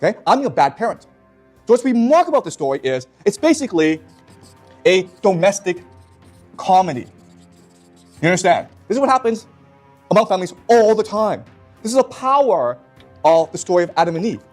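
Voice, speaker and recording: A man's voice: high-pitched, big pitch swings, a little fast, pauses often, darkish tone, faint music behind. A man teaching a class in an emphatic way, often stopping to check that his students follow. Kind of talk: classroom lecture.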